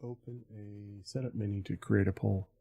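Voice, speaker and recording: A man's voice: on the low side, fairly even intonation, moderate pace, gravelly, mellow, breathy edge. A man live-streaming from a home desk setup, muttering to himself as he fumbles through settings, often trailing off. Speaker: livestreamer. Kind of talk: casual live-stream chat. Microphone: desk mic on an arm.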